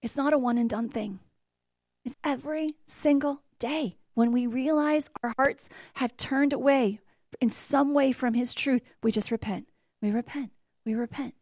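A middle-aged woman giving a sermon to a congregation, telling stories that move between hushed asides and loud outbursts. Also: high-pitched, a little slow, no room sound, clean studio sound. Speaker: church speaker and mother.

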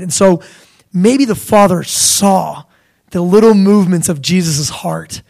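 His voice is high-pitched and creaky. This young man preaches with energy and a conversational feel, acting out biblical figures' voices from time to time.

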